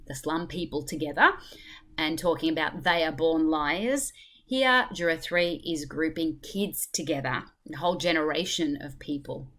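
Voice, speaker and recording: A woman teacher who explains a play in a thoughtful way and pauses with hesitant fillers as she goes. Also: sits low, a bit bright. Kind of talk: spoken literature lesson.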